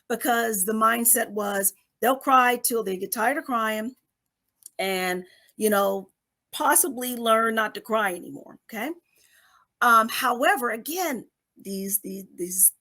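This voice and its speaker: A woman's voice: on the high side, a bit bright. A middle-aged woman on a podcast explaining a psychology topic in a conversational way, often checking in with "okay?" and acting out little scenes. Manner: acts out babies and parents in quoted voices.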